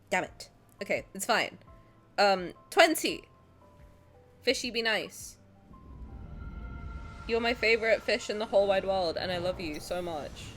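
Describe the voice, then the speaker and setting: A woman streamer with a bright, high-ish voice that leaps all over her range as she talks to her chat. She coos at game characters, swears freely and shrieks at viewers in mock protest, with faint game music playing behind her. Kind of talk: live-stream gacha reactions, chatting with chat.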